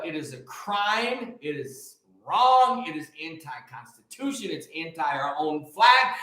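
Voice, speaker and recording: A male host giving an emphatic, preachy motivational monologue, stretching key words out slowly. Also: sits high, fairly bright tone. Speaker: show host. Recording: very echoey room.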